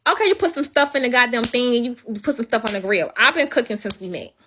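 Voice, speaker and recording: Woman, young adult, bright tone, indignant casual rant, swears freely, livestream host. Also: fairly high pitch, lively intonation, quick pace, a little hiss or hum.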